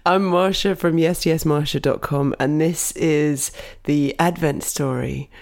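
A woman's voice: low-pitched, fairly even intonation, measured pace, darkish tone. A woman in her thirties introducing a story in a casual, giggly, chatty way as a podcast host.

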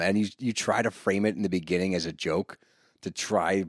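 Low-voiced sarcastic podcast host, a man. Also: normal speed, dry recording, studio quality. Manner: animated, profane, sarcastic. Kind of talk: casual reality-TV recap chat.

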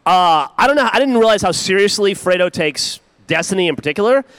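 Podcast host, man, fairly high voice, dry close sound, crude joking banter. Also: lively intonation, fairly quick, a bit bright, clear, resonant tone, dry recording. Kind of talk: casual banter.

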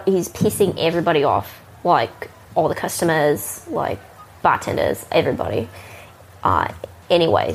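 A woman with a lowish voice tells a crude, rambling bar story, casual and packed with fillers. Her accent blends Kiwi and Northern Californian, and there's slight background noise.

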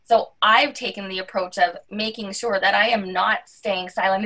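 A woman's voice: mid-range voice, steady tone, normal speed, hardly any pauses, a bit bright. A woman on a video call, speaking firmly and directly about parenting. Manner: firm, direct. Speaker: panelist. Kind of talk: casual video call chat. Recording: voice distant from the mic.

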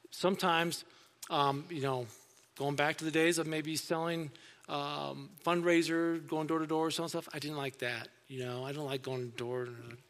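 A man's voice: fairly high pitch, a bit bright. A man preaching a sermon as pastor in a conversational storytelling way, acting out little voices. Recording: long reverb in a hall.

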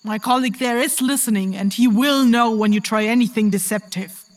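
A woman's voice: fairly high pitch, brisk, lightly acted. A woman playing a wry traveling scholar in a fan audio drama, dry and sardonic as she keeps a prisoner in check. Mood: firm. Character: wry female traveling scholar, guarded captor.

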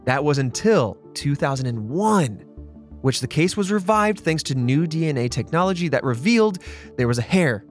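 A man's voice: fairly high pitch, expressive, normal speed, soft background music. A man hosting a podcast, telling a true-crime case in a casual, chatty way and acting out quotes. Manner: conversational storyteller, acts out quotes. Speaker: podcast host.

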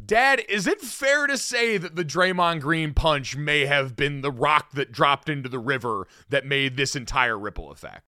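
A man's voice: on the high side, normal speed, hardly any pauses, bright, forceful tone, no room sound, clean studio sound. A man hosting a sports podcast, chatting casually and steering the talk between topics. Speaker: podcast host.

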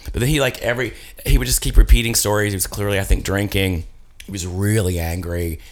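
A man casually telling celebrity stories on a podcast, profane and animated, acting out what others said. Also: lowish voice, fast talker. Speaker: podcast guest.

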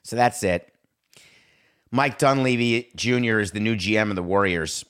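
A middle-aged man hosting a sports talk show, animated and sarcastic, slipping into mocking voices. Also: on the low side, normal speed, smooth. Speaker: podcast host.

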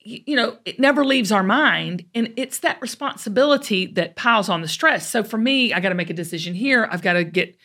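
A woman from the American South with a Southern accent, hosting a podcast in an animated, folksy, chatty way. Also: mid-range voice, a little fast, hardly any pauses. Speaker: podcast host. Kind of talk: casual chat.

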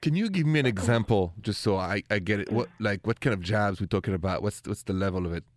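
A middle-aged man with a French accent hosting a call-in advice show, chatty and quick to laugh. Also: fairly low pitch, dry recording, studio quality. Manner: lively, laughs often, chatty storytelling. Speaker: radio advice show host. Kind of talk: call-in radio talk.

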